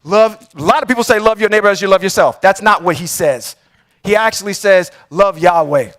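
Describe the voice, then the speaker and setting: High-voiced man teaching scripture live. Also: a bit bright. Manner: reads verses slowly and emphatically, then comments with rhetorical questions; often checks in with "okay?". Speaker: livestream Torah teacher.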